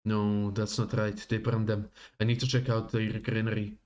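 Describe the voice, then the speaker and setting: A man voicing a stern, grim woman investigator who speaks low, slow and menacing, read aloud from a game story on a livestream. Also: level tone, darkish tone, lightly acted.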